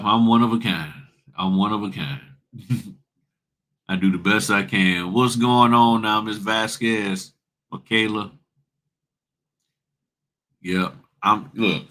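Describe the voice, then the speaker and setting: A man's voice: fairly low pitch, a bit bright. A middle-aged man hosting a casual livestream, talking bluntly and preachily to his viewers in slangy speech. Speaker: notary business host.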